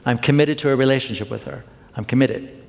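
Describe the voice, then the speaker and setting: A middle-aged man delivers a Sunday talk from the pulpit, confessional and conversational, turning to the congregation with playful questions. His voice sits at an ordinary middle pitch. It rings out into a sanctuary with a long reverb tail. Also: fast, creaky. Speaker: minister. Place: church sanctuary.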